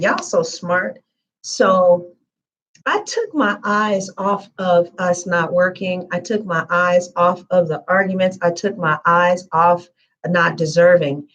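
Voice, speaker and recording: Chatty woman, low voice, dull audio. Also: a bit bright. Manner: chatty, conversational, frequent fillers. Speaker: tarot reader. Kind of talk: casual live-stream chat.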